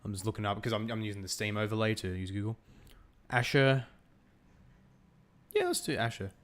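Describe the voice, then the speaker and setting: A man's voice: lowish voice, sing-song, fairly quick. A young Australian man chatting casually while streaming a strategy game, laughing often and answering his chat. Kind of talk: casual gameplay commentary with chat.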